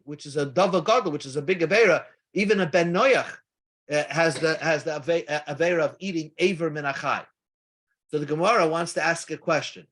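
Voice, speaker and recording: A man's voice: on the high side, fairly bright tone, slightly rough. Man teaching Talmud readings. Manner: halting explanation with frequent restarts, mixing Hebrew-Aramaic readings with English. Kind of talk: Daf Yomi lecture.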